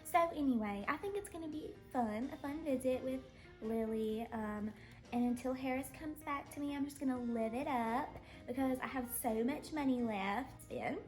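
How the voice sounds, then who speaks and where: A woman's voice: sits high, moderate pace, darkish tone, soft background music, lightly acted. A woman doing a hysterical jilted rich wife. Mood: boastful, aggrieved. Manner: theatrical, swings from prim boasting to shrieking hysterics. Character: melodramatic rich jilted wife, middle-aged, vain. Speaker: reality show cast member being interviewed.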